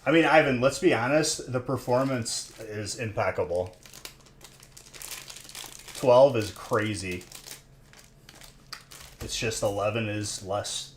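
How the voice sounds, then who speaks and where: A man's voice: on the low side, slow, pauses often, slight background noise. A man hosting a casual livestream, bantering and joking with chat and counting scores aloud. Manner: joking banter with chat, says "dude" a lot. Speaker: livestream host opening trading card packs.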